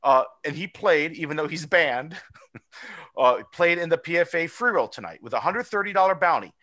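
Animated high-voiced man hosting a chat. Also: normal speed. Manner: animated, rambling, profane. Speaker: podcast host. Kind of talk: casual chat.

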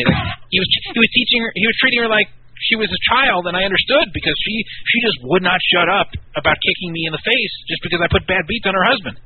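A man's voice: high-pitched, fast talker, hardly any pauses, a little hiss or hum. A man co-hosting a casual radio talk show, telling stories and giving his opinions. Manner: storytelling, opinionated. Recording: tinny phone-like line.

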